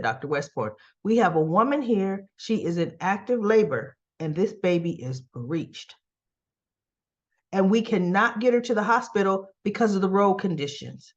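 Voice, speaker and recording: A woman's voice: mid-range voice, dull audio. A woman recapping and reviewing a soap opera episode in casual chat, acting out the characters' lines and laughing often in disbelief. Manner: animated storyteller, acts out characters' lines; laughs often, teasing and incredulous.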